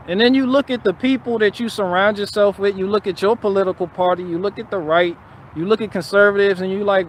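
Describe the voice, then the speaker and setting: Speaking at a moderate pace in a notably high voice, a man rants on a casual live stream with blunt profanity. He keeps repeating himself and restarting phrases, while faint noise hisses under the recording.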